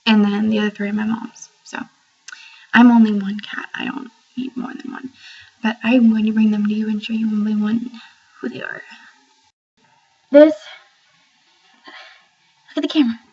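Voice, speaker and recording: A woman's voice: mid-range voice, fairly even intonation, moderate pace, long pauses, a little mellow, husky, highs cut off. A young woman filming an awkward, rambling video message at home. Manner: awkward, rambling, self-conscious. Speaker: vlogger. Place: family home, near the kitchen.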